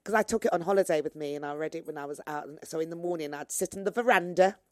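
A woman hosting a casual interview, chatty and quick to laugh. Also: low-pitched, a little mellow, no room sound, studio quality. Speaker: host.

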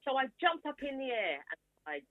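A woman's voice: sits high, very animated, a little fast, dry recording. A woman in her sixties telling her story in a casual interview and acting out quoted voices along the way. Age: 60s. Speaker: author guest. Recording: tinny phone-like line, dry.

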